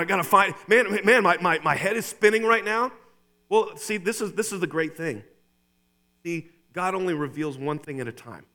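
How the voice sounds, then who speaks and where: An excitable male pastor preaching a sermon in a church. His voice sits a touch higher than most men's. He talks straight to the congregation and doubles back on his own phrases. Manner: excitable, repeats phrases, addresses listeners as "you guys".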